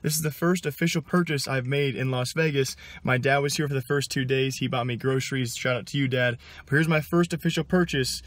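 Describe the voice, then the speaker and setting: Fast-talking upbeat young man vlogging. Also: medium pitch, fairly bright tone. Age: young adult. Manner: upbeat, chatty, addresses viewers as guys. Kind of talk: casual vlog to camera. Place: at home, in a stairwell, at a gym.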